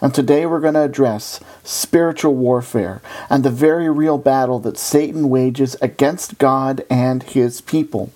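A preacher giving a sermon in an animated, conversational way. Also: medium pitch, unhurried, hardly any pauses.

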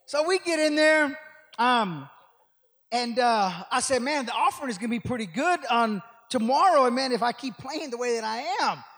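An older man preaching as a guest speaker, telling rambling stories that build to shouted preaching. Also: extremely high pitch, lively intonation, normal speed. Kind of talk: sermon. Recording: long hall reverb.

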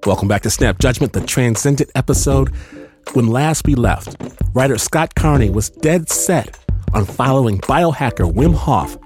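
A male radio host introduces the show with dramatic flair. His pitch swoops up and down as he speaks. Strong music plays behind him. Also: animated, normal speed.

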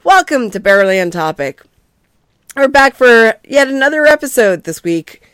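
A woman hosting a casual fan podcast, talking in animated, rambling bursts with laughing asides. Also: fairly high pitch, normal speed, a little hiss or hum. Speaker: podcast host.

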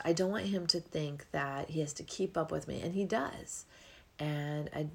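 A woman's voice: low-pitched, measured pace, vocal fry. A middle-aged woman hosting a podcast, talking in a reflective, rambling way with sighs and yawns. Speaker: podcast host. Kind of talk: casual spiritual podcast monologue.

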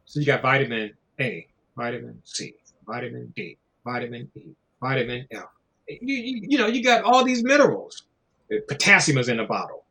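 A man's voice: mid-range voice, lively intonation, normal speed, creaky, sharp tone. A man in casual conversation, talking in a loose, profane, preachy way and acting out little voices as he goes. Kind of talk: casual chat.

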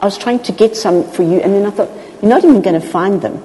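Expressive woman preacher in a hall. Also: medium pitch, fast talker. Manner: expressive, acts out Bible voices. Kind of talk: sermon. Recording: long hall reverb.

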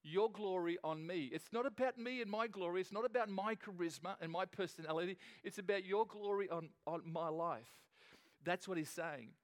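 A man's voice: sits high, normal speed. A man preaching a sermon in an earnest, conversational way, often restarting and repeating phrases. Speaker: pastor.

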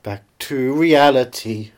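A man's voice: mid-range voice, slow pace. A man co-hosting a podcast in casual chat, rambling and joking with mock-grand asides. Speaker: podcast co-host.

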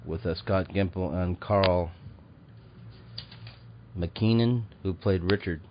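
A man with a very low voice hosts a podcast in loose, casual chat. He rambles and hesitates, with plenty of fillers. The audio is dull and lo-fi, with a clear hiss of noise underneath. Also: slow pace. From Chicago. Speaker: podcast host.

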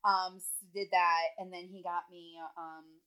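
A woman's voice: on the low side, level tone, a little slow, pushed and bright, muffled recording. A young woman co-hosting a casual chat, telling stories in a loose, chatty way, swearing freely and laughing as she talks. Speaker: podcast co-host.

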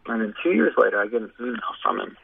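A man telling a personal story in a casual, animated way, acting out what others said. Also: mid-range voice, racing, gravelly, husky, dry recording. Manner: animated, acts out quoted voices. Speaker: guest telling his story. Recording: phone-like radio audio.

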